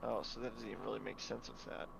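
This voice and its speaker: A man's voice: on the low side, little pitch movement, quick pace, vocal fry, slight background noise, poor audio. A man narrating a tabletop game as game master, chatting casually with fillers and laughter.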